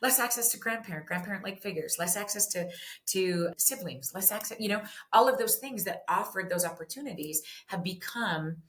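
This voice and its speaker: A woman guest author in an animated interview, acting out parent and child voices as she explains. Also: on the low side. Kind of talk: animated interview talk with acted-out dialogue. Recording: echoey room.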